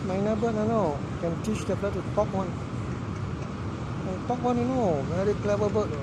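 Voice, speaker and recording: A woman's voice: mid-range voice, normal speed, heavy background noise. A woman coaxes a bird at her window in sing-song baby talk, filmed on a phone at home. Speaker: vlogger filming a bird. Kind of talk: casual talk to a pet bird.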